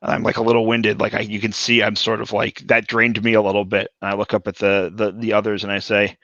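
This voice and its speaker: A man playing a tabletop role-playing game, talking in halting bursts with many restarts. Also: on the low side, completely flat delivery, a bit bright, no echo, lo-fi sound. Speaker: player.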